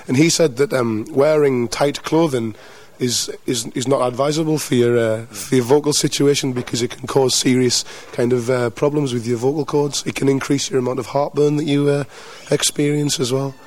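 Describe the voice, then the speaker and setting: A man's voice: medium pitch, steady tone, moderate pace, hardly any pauses, darkish tone. Band member, male, northeast English accent; dry humor, trips over his starts. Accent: Mackem, northeast English. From northeast England. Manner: dry, jokey, with stammered restarts. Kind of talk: casual interview chat.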